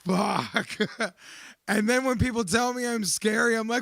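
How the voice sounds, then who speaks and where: Raw, gravelly man telling his story. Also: high-pitched, unhurried, dry recording, studio quality. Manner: raw, profane, confessional, swings into shouting. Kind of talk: emotional personal testimony.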